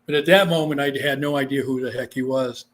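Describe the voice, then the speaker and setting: Here a psychic medium from Guam narrates a story in a casual interview, his medium-pitched voice moving along fairly quickly. He's animated and imitates the voices in his quotes.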